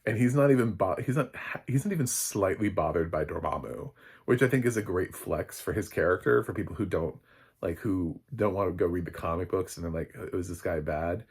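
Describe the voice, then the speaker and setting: Low husky-voiced man reviewing TV. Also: fairly quick, a little mellow. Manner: rambling, loose and chatty, lots of fillers and chuckles. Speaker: film critic. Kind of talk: casual spoken TV recap.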